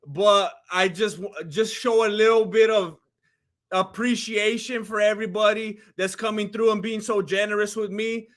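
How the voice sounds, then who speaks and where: High-voiced, bright young man streaming live. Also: steady tone. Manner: hyped, shouts and laughs often, quick asides to chat. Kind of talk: excitable live watch-along chat.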